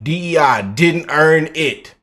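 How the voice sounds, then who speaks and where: A man hosts a casual political reaction show in a slightly high voice. He is animated and mocking, with loose slang and plenty of repeated words. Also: takes it slowly. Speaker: political commentary host.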